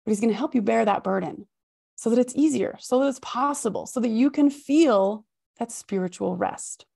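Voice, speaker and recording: A woman hosting a healthy-habits podcast, giving expressive, high-energy motivational advice with emphatic repetition. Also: moderate pace, creaky, husky. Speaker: podcast host and habits coach. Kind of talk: motivational self-help talk.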